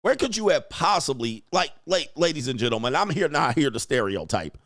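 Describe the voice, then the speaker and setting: A man's voice: medium pitch, very animated, a little fast, a bit bright, dry recording, clean studio sound. A man hosting a reaction commentary show, mocking and lecturing the people in the clips he plays, often laughing. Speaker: commentary channel host.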